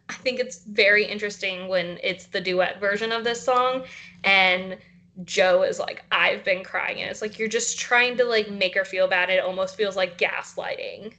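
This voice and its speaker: Young woman podcast host, bright voice, giggly, says like a lot. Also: mid-range voice, fairly even intonation, moderate pace. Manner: chatty, giggly, lots of "like". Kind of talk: casual chat.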